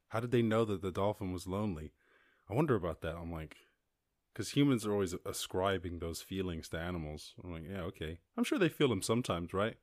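Low-voiced Irish man rambling on a podcast. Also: no echo, clean studio sound. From Ireland. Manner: rambling, profane, jumps into high squeaky voices for quoted people and animals. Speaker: podcast host. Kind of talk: casual solo podcast chat reading news.

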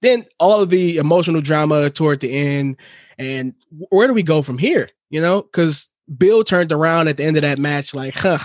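Excitable man, dry close sound. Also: on the high side, moderate pace, no echo. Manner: excited, swears freely, short reactions. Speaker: podcast co-host. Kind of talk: casual recap chat.

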